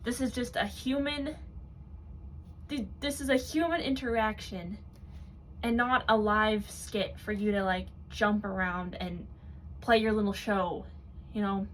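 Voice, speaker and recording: A woman's voice: mid-range voice, fairly even intonation, a little slow, slight background noise. Lady doing a snarky commentary rant, mocking and fed up. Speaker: commentary video host. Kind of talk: sarcastic commentary.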